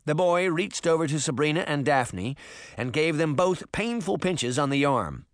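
A man narrating a story as an audiobook, with expressive storytelling. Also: a little high, moderate pace, dry recording, studio quality.

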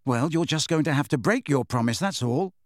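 An excitable, easily rattled teenage schoolboy, as a male audiobook reader puts him on. His voice leaps upward whenever he is indignant or surprised. The recording is close and dry. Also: on the high side, brisk, no echo, close to an everyday voice.

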